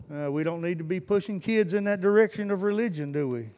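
A man's voice: sits high, expressive, quick pace, few pauses, darkish tone. A man preaching a fervent sermon as pastor, his intensity rising and falling. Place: church sanctuary. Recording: church service recording with long hall reverb.

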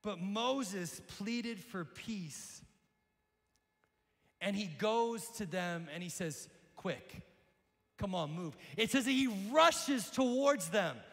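A male pastor preaching with energy, swinging from shouts to hushed lines. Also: high-pitched, expressive, takes it slowly. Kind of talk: sermon. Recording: long hall reverb.

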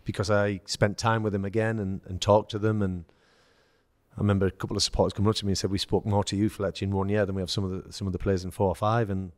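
An English man, a former footballer, telling lively anecdotes in casual chat and acting out the quoted dialogue. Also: lowish voice, fast, no room sound, studio quality. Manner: storytelling, acts out quoted dialogue, laughs. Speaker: former footballer, podcast guest.

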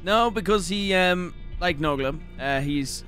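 A man's voice: high voice, unhurried, sharp tone, soft background music. A young Irishman streaming a game, ranting and swearing, laughing often in casual commentary. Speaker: gaming streamer.

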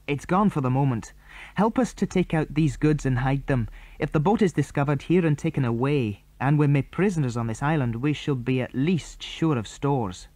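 A man voicing a steady older boy who leads the others, firm and decisive. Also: mid-range voice, normal speed, no echo, pitched above the performer's own voice, lightly acted.

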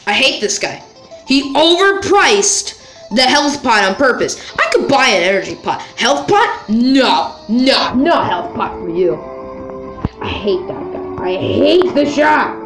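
A woman's voice: on the high side, big pitch swings, takes it slowly, fairly bright tone. A woman giving casual commentary over her own gameplay, playful and exasperated, talking to the characters on screen and bursting into yelps. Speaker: gaming video creator. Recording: roomy with game music behind.

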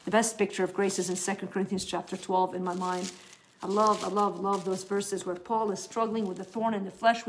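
A middle-aged woman giving a teaching session to new believers, talking in an earnest, conversational way with frequent restarts. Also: a little high. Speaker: Bible teacher.

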